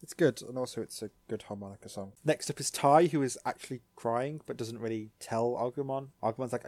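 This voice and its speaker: A man's voice: medium pitch, no echo. Chatty man recapping an episode. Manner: animated, acts out characters in quick voices. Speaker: podcast co-host. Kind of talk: casual recap chat.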